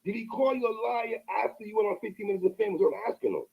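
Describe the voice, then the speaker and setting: A man's voice: high-pitched, expressive, rapid-fire, breathy edge, muffled recording. A man interviewing, pressing with repeated questions and stammering starts.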